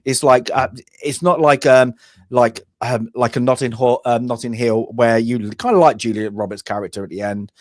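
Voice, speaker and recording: A man's voice: medium pitch, moderate pace, no room sound, clean studio sound. A young man co-hosting a casual film review chat, opinionated and rambling with many restarts. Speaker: podcast co-host.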